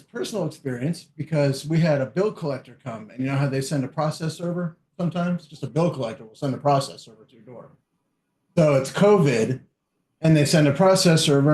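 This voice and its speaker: A man telling profane, animated stories as a guest in a casual podcast chat. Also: fairly high pitch. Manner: animated, profane, acts out quotes. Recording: echoey room.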